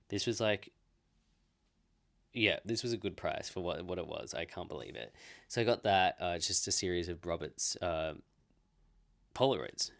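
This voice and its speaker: A young man in his twenties with an Australian accent and a notably deep, low voice. He talks loosely and rambles through his book purchases with a self-mocking streak, in the easy tone of a casual vlog. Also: a bit bright. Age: 20s. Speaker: book vlogger. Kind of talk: casual book haul chat.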